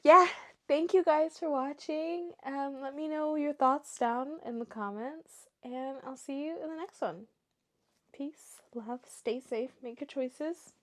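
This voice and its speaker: A woman's voice: high-pitched, takes it slowly. A woman hosting a channel, reading posts aloud and breaking in with chatty, reactive asides. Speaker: YouTube host reading online stories.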